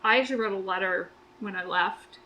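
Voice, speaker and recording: A woman co-hosting a podcast in casual chat, animated and quick to laugh. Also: mid-range voice, muffled recording, a little hiss or hum. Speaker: podcast co-host.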